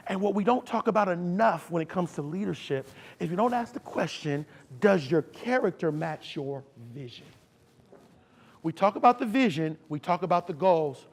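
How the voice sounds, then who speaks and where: A man giving a live motivational talk on leadership, telling a story with many repeats and restarts, swinging between loud bursts and quiet asides, and calling on the crowd to answer. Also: sits high, lively intonation, normal speed. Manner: addresses the crowd directly, calls for responses.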